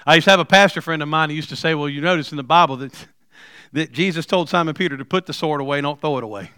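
A middle-aged man preaching a sermon, telling stories with humor and building to loud, emphatic points. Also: fairly high pitch, fast talker, clean tone, no room sound, studio quality. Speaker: pastor.

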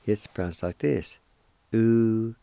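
A man hosting a radio language lesson, speaking slowly and deliberately and breaking words into syllables that he says again and again. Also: on the low side, warm tone, dry recording. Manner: spells out and repeats words syllable by syllable. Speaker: radio host teaching Cherokee words.

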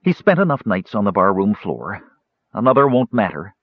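A man voicing a young barmaid, bitter and tearful, with his pitch pushed up. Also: very animated, normal speed, dry recording. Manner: raised, strained pitch, emotional. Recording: slightly dull audiobook recording.

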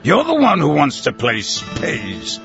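A man's voice: fairly high pitch, huge pitch swings, slow pace, creaky, fairly bright tone, muffled recording, soft background music, heavily acted. A man voicing a brash, vulgar colonel who sneers and sounds annoyed, in an audiobook reading. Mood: scornful.

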